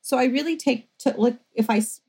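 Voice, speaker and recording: A middle-aged woman talking casually as a podcast co-host, her voice slightly husky and breathy. She tells her points animatedly, often acting out what she says to herself. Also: a little high, brisk, rough recording. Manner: animated, many fillers and quoted self-talk. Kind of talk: casual chat.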